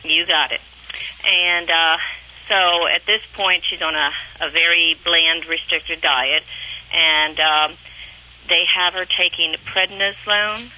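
A woman's voice: on the low side, steady tone, slow pace, bright, forceful tone, low-quality recording. A woman from Pennsylvania calling a pet radio show over the phone, talking in a friendly, hesitant way and laughing easily. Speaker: caller. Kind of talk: radio call-in.

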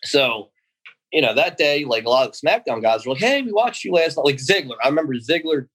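Rambling, animated man telling stories. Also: on the high side, a little fast, poor audio. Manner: rambling, animated, acts out quoted voices. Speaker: guest, former pro wrestler. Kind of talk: casual interview storytelling.

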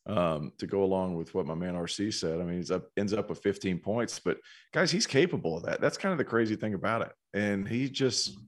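A man talking college basketball as an analyst on a casual sports podcast, telling stories in a relaxed way. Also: low-pitched, a little fast. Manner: relaxed storytelling, animated when quoting others.

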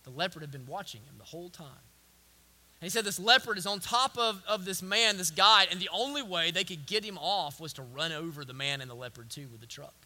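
Emphatic young male pastor, bright tenor. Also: high-pitched, brisk. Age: young adult. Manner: swings from hushed to loud, emphatic preaching; repeats phrases with restarts. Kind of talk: sermon.

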